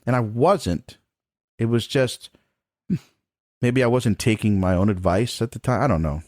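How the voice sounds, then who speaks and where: A man's voice: on the low side, a little fast, darkish tone, no echo, studio quality. A middle-aged man, a trombone professor, telling a personal story as a podcast guest in a frank, casual way, swearing freely and laughing between points. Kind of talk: candid conversational storytelling.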